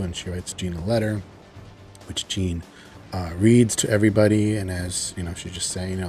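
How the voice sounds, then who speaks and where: A man casually recapping a cartoon episode, rambling with lots of fillers and excited exclamations. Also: lowish voice, normal speed, soft background music. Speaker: show reviewer.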